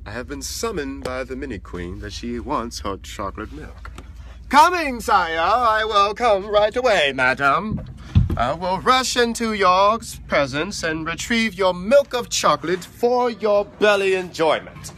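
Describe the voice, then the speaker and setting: Woman doing a scared servant voice, higher and loud, stammering and begging, all in a rush. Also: lively intonation, a little slow, a little hiss or hum. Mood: frantic pleading. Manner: stammering, repeating words, begging. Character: frantic pleading old-time servant, fearful and hurried.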